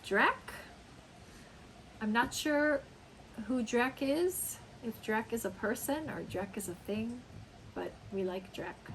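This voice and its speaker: A woman teaching an English lesson, speaking slowly and acting out example phrases with big, dramatic exclamations. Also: on the high side, noisy background. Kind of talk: slow, emphatic English lesson.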